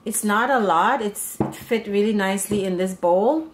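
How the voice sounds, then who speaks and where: A woman's voice: medium pitch, normal speed, slight background noise. A woman hosting a home cooking demonstration, chatty and meandering, often restarting her sentences. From Serbian background. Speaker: home cooking channel host. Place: home kitchen.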